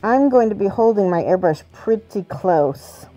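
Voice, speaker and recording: A woman's voice: medium pitch, expressive, measured pace, mellow, dull audio. A woman hosting a livestream, chatting casually while she works, thinking aloud and laughing often. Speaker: livestream host painting models. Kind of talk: casual chat while working.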